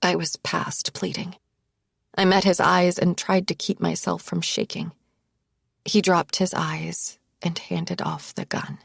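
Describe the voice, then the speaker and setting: Husky woman narrating a thriller. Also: fairly low pitch, little pitch movement, slow, no room sound, studio quality. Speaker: audiobook narrator. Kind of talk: first-person thriller narration.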